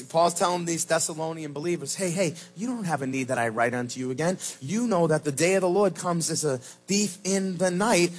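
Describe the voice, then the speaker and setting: A man pastor preaching a sermon at a church service, swinging from shouted lines to low, slow emphasis.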